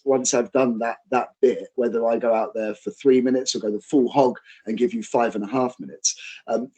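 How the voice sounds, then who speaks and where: A male professional wrestler and trainer, a guest telling stories in a casual interview, animated and acting out quotes. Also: mid-range voice, husky, low-quality recording. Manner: animated, acts out quotes, fillers and restarts.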